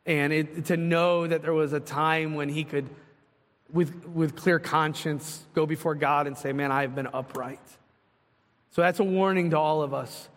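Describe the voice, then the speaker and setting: A man's voice: a little high, fairly even intonation, moderate pace, fairly bright tone. A man preaching a sermon as pastor, earnest and exhorting his congregation with direct questions. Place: church sanctuary. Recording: long hall reverb.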